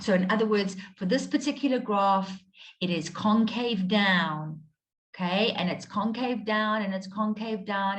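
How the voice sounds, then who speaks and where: Patient woman teaching maths in a roomy space. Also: medium pitch. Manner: patient, checks in with students often. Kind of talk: live online maths lesson. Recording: roomy echo.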